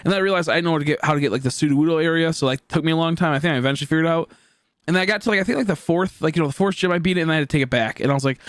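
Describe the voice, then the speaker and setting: A man in his twenties tells a long, rambling story while streaming, full of fillers and swearing. His voice is fairly high-pitched and he talks at a racing pace, recorded with studio quality and no echo, in a casual storytelling style.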